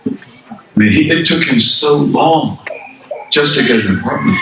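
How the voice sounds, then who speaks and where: A man's voice: lowish voice, huge pitch swings, normal speed, recorded from a distance, noisy background. Older man lecturing in an echoey hall. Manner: conversational, repeats phrases for emphasis, asks the audience questions. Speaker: Islamic scholar and lecturer. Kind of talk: religious lecture to an audience. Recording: echoey room, speaker away from the mic.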